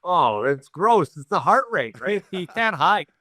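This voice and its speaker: A man's voice: high voice, big pitch swings, unhurried, pushed and bright, dry recording, studio quality. A man talking as a guest on a casual podcast, joking and self-mocking and laughing often. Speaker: guest hockey analyst.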